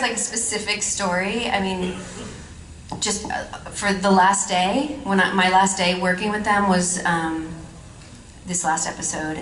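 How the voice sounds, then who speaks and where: A woman's voice: lowish voice, fairly bright tone. A woman speaks on a convention panel, rambling and chatty, breaking into laughter between her stories. The sound comes from some distance in a large, echoing hall. A faint hum runs underneath. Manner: chatty and rambling, laughs often, many fillers. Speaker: guest actress on a fan convention panel. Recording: echoey hall, mic at a distance.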